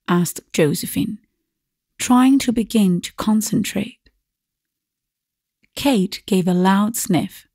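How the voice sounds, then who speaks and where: A woman narrating a classic story aloud in a measured, husky voice. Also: mid-range voice, dark tone, no echo, studio quality. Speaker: audiobook narrator. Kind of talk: scripted narration.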